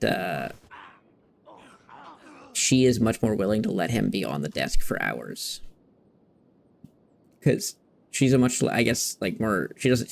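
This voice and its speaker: This man's medium-pitched voice is gravelly, and a little hiss or hum sits under the recording. Hosting a gaming video, he chats casually while playing, rambling candidly and swearing now and then.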